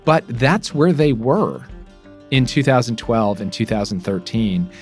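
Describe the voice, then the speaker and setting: A man interviewed as a former official, explaining diplomacy in a measured way. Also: mid-range voice, lively intonation, darkish tone, faint music behind.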